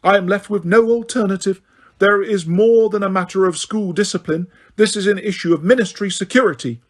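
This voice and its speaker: A cruel middle-aged witch official with a sugary, breathy voice, put on by a male audiobook narrator. She sounds eager and menacing, and the voice sits high above the reader's own with a lot of push behind it. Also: fairly quick.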